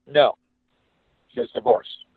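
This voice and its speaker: A man casually telling a rambling, profane story and acting out the quoted voices of the people in it. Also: slow pace. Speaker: podcast guest telling a story. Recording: dry phone-like sound.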